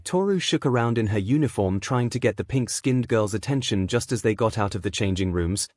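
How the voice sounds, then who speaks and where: A man narrates a fan-fiction story with a steady, even storytelling read. His pitch swings widely as he goes, and the recording sounds dry and close with no room behind it. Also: brisk, few pauses, no room sound.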